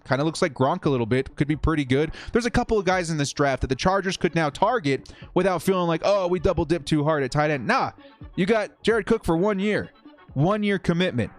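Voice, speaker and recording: Running a laid-back football stream, a man with a voice on the high side responds to viewer comments with passionate, animated takes.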